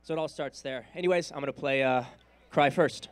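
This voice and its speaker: A man's voice: fairly high pitch, a little fast. A man from San Diego, a singer talking casually and earnestly to a live crowd from an awards stage into a handheld mic between songs. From San Diego, California.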